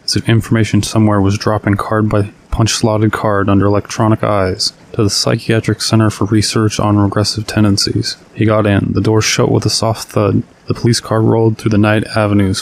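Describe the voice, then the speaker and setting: Low, flat-voiced man reading a story. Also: fairly quick, gravelly, few pauses, a little hiss or hum. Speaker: narrator.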